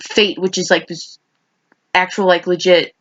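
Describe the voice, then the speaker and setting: A woman's voice: fairly low pitch, flat delivery, unhurried. Rambling young woman podcast co-host. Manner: rambling, filler-heavy storytelling. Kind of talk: casual chat between best friends. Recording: dull lo-fi podcast recording.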